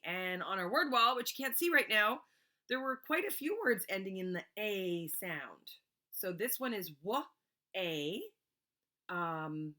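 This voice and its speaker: Woman teacher, remote reading lesson for kids, patient, sounds out letters slowly, bright tone, lowish voice.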